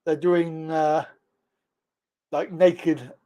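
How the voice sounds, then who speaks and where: A man's voice: on the high side, fairly even intonation, extremely slow, dark tone. A man hosting a live call-in stream, chatting casually with callers, laughing easily and filling gaps with ums and yeahs.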